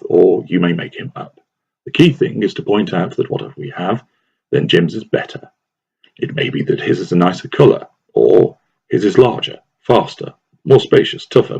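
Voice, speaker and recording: A man reading a scripted advice text aloud in a measured, deliberate way. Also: low voice, gravelly, a little mellow, breathy edge. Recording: dull lo-fi recording.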